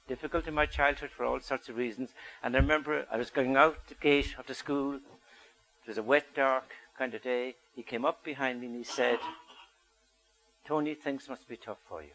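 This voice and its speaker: A man's voice: medium pitch, a bit bright, low-quality recording. An older man giving a storytelling talk to an audience, asking them questions as he goes. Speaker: speaker.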